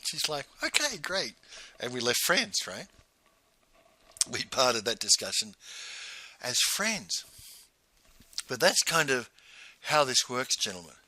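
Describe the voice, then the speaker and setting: A man's voice: medium pitch, takes it slowly, pauses often, dry recording. A man hosting his own show, telling a personal story in casual monologue and laughing as he talks. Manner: animated, laughs while telling stories. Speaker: host.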